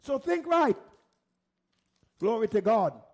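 A man's voice: very high voice, sing-song, slow pace, darkish tone. A man pastor preaching a sermon, emphatic and repetitive, asking the listeners rhetorical questions.

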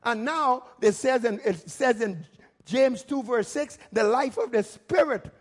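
A male pastor preaching a sermon emphatically, firing rhetorical questions and rising to shouts. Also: very high-pitched, expressive, measured pace.

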